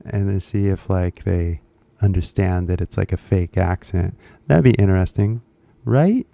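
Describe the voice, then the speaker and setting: A man's voice: low voice, measured pace, vocal fry, dark tone, no echo. A man with an American accent hosting a casual question-and-answer chat, rambling with lots of fillers. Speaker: host.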